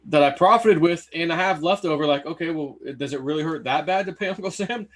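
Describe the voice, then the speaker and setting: A man hosting a casual chat, talking in a relaxed, chatty way and laughing easily. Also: on the high side, fairly quick. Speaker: host.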